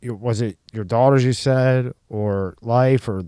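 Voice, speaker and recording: A man's voice: medium pitch, takes it slowly, dark tone, clean tone, dry recording, clean studio sound. A man hosting a podcast, asking follow-up questions and affirming his guest. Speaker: podcast host. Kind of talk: interview conversation.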